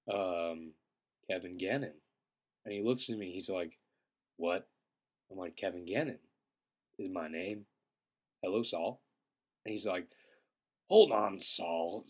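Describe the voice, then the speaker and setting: A young man who feels sick, telling a rambling, profane comedic story and often clearing his throat. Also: lowish voice. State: feeling sick. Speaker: podcast host.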